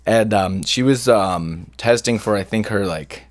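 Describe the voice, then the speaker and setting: A man's voice: lowish voice, a little slow. A man co-hosting a podcast, laid-back, swearing and telling a story from his childhood. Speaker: podcast co-host. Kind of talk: casual podcast chat.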